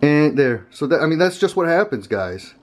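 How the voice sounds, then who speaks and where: A man's voice: a little high, sing-song, moderate pace. A man hosting a casual gun vlog, talking to camera in a rambling, conversational way and chuckling often. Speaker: gun channel host.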